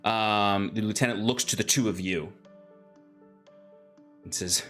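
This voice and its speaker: A man's voice: fairly low pitch, fairly even intonation, measured pace, a bit bright, soft background music. A man narrating a tabletop game as game master, with plenty of ums and restarts. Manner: hesitant, filler-heavy narration.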